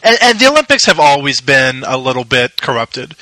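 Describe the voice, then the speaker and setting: A man co-hosting a podcast in casual chat, talking in quick runs with fillers and restarts. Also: mid-range voice, very animated, bright, forceful tone, dry recording, low-quality recording. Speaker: podcast co-host.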